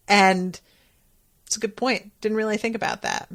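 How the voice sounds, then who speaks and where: A woman hosting a podcast, casually recapping a TV episode in a chatty, candid way and acting out quotes with sudden pitch jumps. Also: fairly even intonation, normal speed, fairly bright tone.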